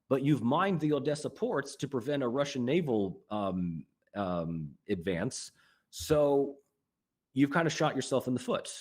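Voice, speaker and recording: A man, a political science lecturer, answering interview questions at length with animated, emphatic stress. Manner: animated, emphatic rises in pitch and loudness.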